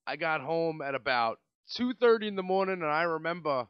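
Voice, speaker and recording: A man's voice: on the high side, animated, brisk, clear, resonant tone, dry recording. A man with a New York accent in his late twenties rambles through a profane story on his own podcast, his voice swinging up and down with lots of life. The sound is dry and a bit dull and lo-fi, like a basic home podcast mic. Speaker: podcast host. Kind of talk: casual storytelling monologue.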